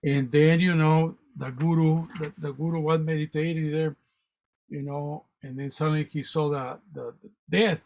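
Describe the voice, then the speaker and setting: Man, radio guest, spiritual storytelling, animated, rambling, fairly high voice, dull lo-fi audio. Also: moderate pace, gravelly. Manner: animated, rambling, repeats words.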